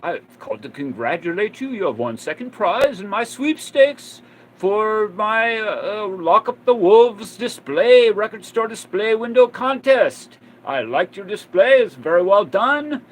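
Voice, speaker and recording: A gracious rock star rings up a fan with a formal, announcing delivery, as a man puts him on. The voice is pitched up and pushed louder than usual. It moves slowly and stiffly. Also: big pitch swings, heavily acted, low-quality recording. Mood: formal congratulation.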